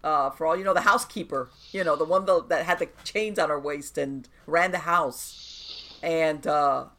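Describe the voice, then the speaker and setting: A podcast host who talks about the paranormal with an emphatic, explanatory manner, stopping to restart and checking that the guest is following. The voice sits at a middle pitch, and the talk is a casual conversation. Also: normal speed, pushed and bright.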